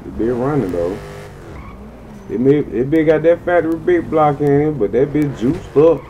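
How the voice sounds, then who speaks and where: A man giving casual, slang-heavy gameplay commentary in an excitable way, swearing freely and yelping high when things go wrong. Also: moderate pace, lo-fi sound, a little hiss or hum. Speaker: gaming channel host.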